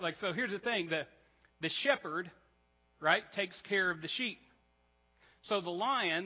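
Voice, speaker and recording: A man preaching a conversational sermon as pastor, talking casually with frequent "like" and "right?" check-ins. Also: sits high. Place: church sanctuary. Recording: dull, reverberant church hall.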